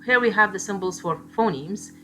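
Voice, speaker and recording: Bright-voiced woman teaching phonetics. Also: medium pitch, a little hiss or hum. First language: Arabic. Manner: explains slowly, repeats example words, switches into Arabic asides. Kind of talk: phonetics lecture.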